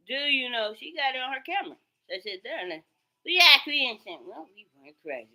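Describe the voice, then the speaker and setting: A woman's voice: on the high side, big pitch swings, normal speed, pushed and bright. A woman recording herself on her phone in an agitated, profane, repetitive rant. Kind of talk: profane ranting monologue.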